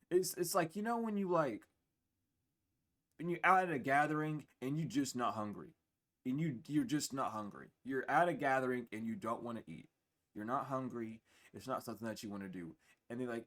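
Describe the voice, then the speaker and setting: This young man in his twenties talks a little fast at a medium pitch, recorded on a camera mic. Tired and hiccuping, he gives a casual, blunt, profane tarot reading to camera, animatedly imitating other people's voices.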